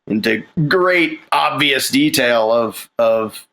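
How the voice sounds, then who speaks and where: A man's voice: medium pitch, animated, slow pace, gravelly, fairly bright tone, low-quality recording. A man talking casually about a film script he is writing, rambling with restarts and acting out lines. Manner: rambling, many restarts and fillers, acts out lines. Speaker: screenwriter.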